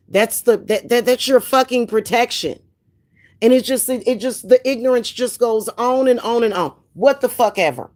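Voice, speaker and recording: An older woman, ranting in a profane, animated, emphatic monologue as a spiritual practitioner. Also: on the high side, moderate pace.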